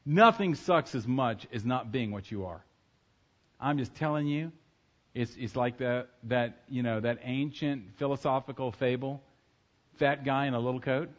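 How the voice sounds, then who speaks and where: A man preaching a sermon in church, talking casually and joking with the congregation, now and then breaking into loud acted shouts. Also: medium pitch, normal speed, lo-fi sound. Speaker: pastor. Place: church sanctuary.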